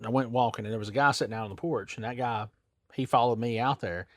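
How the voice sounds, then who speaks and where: A tire-shop worker tells a story in a casual chat, talking fast in a mid-range voice with no echo. He's animated and plain-spoken, with loose grammar, and raises his voice to act out the people he quotes.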